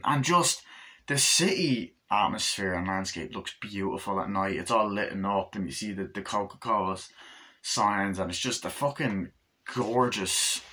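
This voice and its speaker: A man giving a casual, rambling film review, swearing often and acting out scenes. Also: bright, forceful tone. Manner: rambling, profane, acts out scenes in a higher voice. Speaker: movie reviewer.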